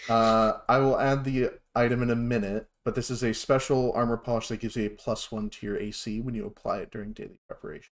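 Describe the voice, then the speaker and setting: A man narrating as game master of a tabletop role-playing game, relaxed and full of fillers. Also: mid-range voice, quick pace, hardly any pauses.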